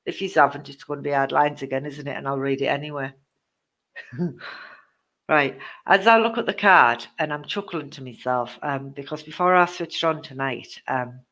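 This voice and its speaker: A woman's voice: rumbling low, moderate pace, a bit bright. A woman hosting a live-stream card reading, chatty and teasing her viewers, with many ums. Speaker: psychic card reader.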